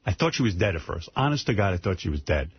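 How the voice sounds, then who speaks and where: A man's voice: deep voice, very animated, fast talker, highs cut off, slight background noise. A man hosting a radio show, telling a rambling, emotional story in casual talk, repeating himself. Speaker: radio host. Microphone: studio microphone, dry.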